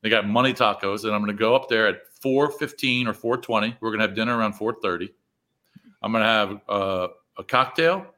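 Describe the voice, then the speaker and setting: Bright-voiced easygoing man. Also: lowish voice, steady tone, brisk. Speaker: co-host of a sports betting podcast. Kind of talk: casual chat.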